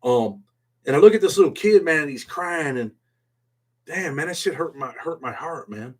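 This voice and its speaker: Blunt man talking slangy live-stream chat. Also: moderate pace. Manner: blunt street slang, "man" after every phrase; swings from low mumbles to loud excited outbursts.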